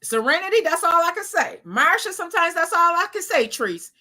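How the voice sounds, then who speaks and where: Bright-voiced woman chatting on a live stream. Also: very high voice, sing-song, normal speed. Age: 30s. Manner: talks straight to viewers with slang, laughs often. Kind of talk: casual live-stream chat reading viewer comments.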